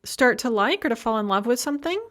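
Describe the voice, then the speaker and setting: A woman giving a recorded language lecture, explaining grammar patiently and slowing down to pronounce example words, with a touch of light humor. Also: on the high side, lively intonation, fairly bright tone.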